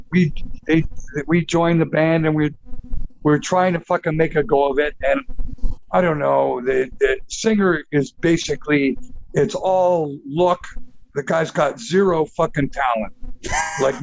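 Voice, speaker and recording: Slow-talking profane older man telling stories. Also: a little high, creaky, highs cut off, slight background noise. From Canada. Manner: profane, animated, acts out quotes with laughs. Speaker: guest musician. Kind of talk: casual storytelling interview.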